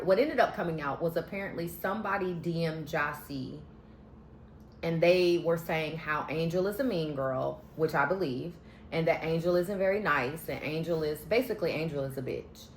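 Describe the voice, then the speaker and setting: Low-voiced woman dishing on a reality show, sassy and slangy, echoey room. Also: a little hiss or hum. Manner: sassy, slangy, candid opinions. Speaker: vlogger recapping a reality show. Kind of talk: casual chatty recap.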